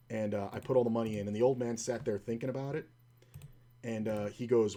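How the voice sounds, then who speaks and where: Low-voiced man ranting about poker. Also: fairly even intonation, fast, dark tone. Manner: profane, frustrated ranting; long anecdote with acted-out quotes. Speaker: online poker streamer. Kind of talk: casual commentary over online poker play.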